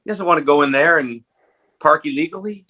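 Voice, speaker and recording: A man hosting a casual podcast chat, telling a story animatedly and jumping up in pitch when acting out quotes. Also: fairly quick, pushed and bright, low-quality recording. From Canada. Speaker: podcast host.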